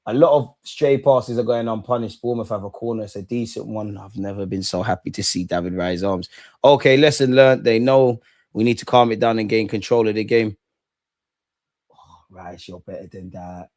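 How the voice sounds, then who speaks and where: A young man hosting a live football watch-along, reacting excitedly, swearing at the referee and telling the players to calm down. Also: lowish voice, normal speed. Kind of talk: live match reaction commentary.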